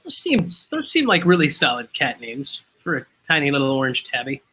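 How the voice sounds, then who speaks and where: A man's voice: medium pitch, wildly swooping pitch, fairly quick, sharp tone, a little hiss or hum, low-quality recording. A man hosting a casual chat over drinks, laughing often and making fun of himself. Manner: laughs often, self-mocking.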